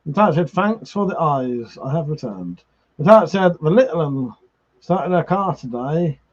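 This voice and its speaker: A man's voice: a little high, very animated, unhurried. A drunk man hosts a livestream, chatting casually, reading out viewer comments, swearing freely and laughing often. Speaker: livestream host. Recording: slightly muffled livestream audio.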